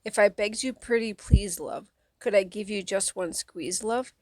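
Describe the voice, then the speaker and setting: A woman's voice: mid-range voice, measured pace, no room sound, natural voice. Woman reading as a lovesick male turtle. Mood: pleading.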